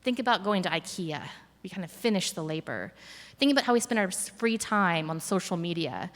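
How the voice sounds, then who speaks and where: Reflective woman with a low voice in a reverberant hall. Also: animated, a little fast. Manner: reflective, storytelling with many fillers and restarts. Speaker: curator. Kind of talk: conversational interview on stage.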